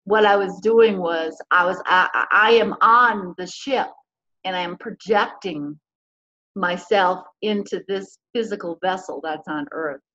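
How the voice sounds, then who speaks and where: A woman's voice: medium pitch, unhurried, bright, forceful tone. A woman in a casual spiritual chat, telling a personal story in an earnest, rambling way. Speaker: co-host. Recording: dull lo-fi audio with faint noise.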